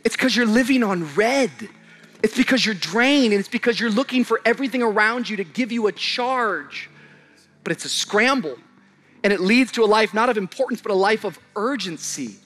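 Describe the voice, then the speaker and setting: A young man preaching to his congregation with a bright, sharp tone and a high pitch. He moves between shouted high points and quiet, slow passages, with joking asides in between. Soft music plays behind him in the church. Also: lively intonation. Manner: dynamic preaching, swings from shouting highs to quiet low passages; humorous, conversational asides to the congregation. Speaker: pastor. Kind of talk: sermon. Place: church auditorium.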